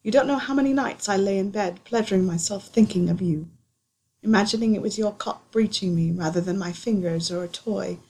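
A woman voicing an eager, earnest young male wizard, a little higher than her narration, in a storybook reading. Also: a little fast, a little mellow, slightly rough.

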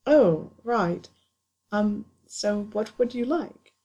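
Storybook role: eager young wizard, soft and breathy, voiced by a woman. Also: mid-range voice, lively intonation, extremely slow.

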